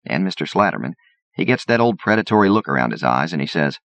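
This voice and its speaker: Gravelly, very deep-voiced male narrator. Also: lively intonation, fairly quick, a bit bright, no echo. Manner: folksy, wry storytelling. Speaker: audiobook reader. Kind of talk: scripted narration. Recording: dull lo-fi audiobook recording.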